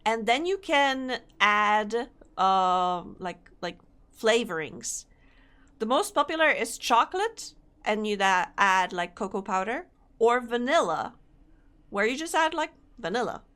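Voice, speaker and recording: A young woman streamer chats away with her viewers in a fairly high voice that swoops up and down. She talks unhurriedly and giggles often between remarks. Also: sing-song, measured pace, a bit bright, clear, resonant tone. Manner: giggly, chatty, reacting to chat. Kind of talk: casual live-stream chat.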